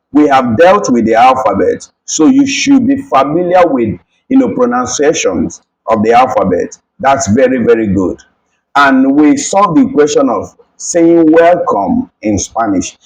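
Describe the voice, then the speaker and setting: A man teaching Spanish greetings in a video lesson, repeating phrases slowly and mixing Spanish with explanations. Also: fairly high pitch, husky, poor audio. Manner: slow, repetitive, switches between Spanish and English phrases.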